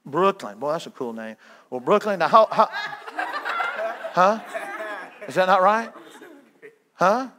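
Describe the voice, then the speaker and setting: A man's voice: high voice, very animated, unhurried, pauses often, background noise. A middle-aged man preaching a sermon as a guest evangelist, folksy and joking with his listeners.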